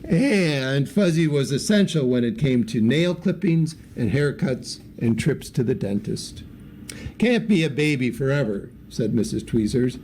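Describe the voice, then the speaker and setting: A man reading a children's picture book aloud in a lively way, giving the characters little voices. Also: mid-range voice, measured pace, a little hiss or hum. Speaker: story reader.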